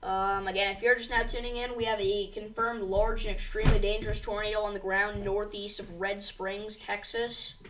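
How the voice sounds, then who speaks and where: A woman hosting a live severe weather stream speaks at medium pitch in a level, slightly bright tone, keeping a moderate pace with hardly any pauses. She urgently reads tornado warnings aloud and addresses her viewers as "you guys." The recording is distant from the mic, with slight background noise.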